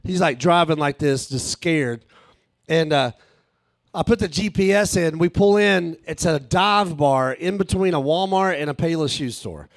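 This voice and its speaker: A man, telling a profane, animated stand-up story at a live show. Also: fairly high pitch, unhurried, no echo. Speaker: stand-up comedian. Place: live show with a small audience.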